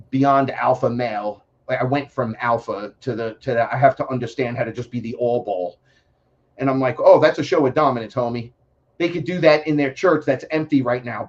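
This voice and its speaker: New york guy from the bronx, swears a lot, animated, mid pitch, bit muffled audio. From New York City, the Bronx. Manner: blunt, profane, animated storytelling. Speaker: podcast guest. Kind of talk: casual podcast chat.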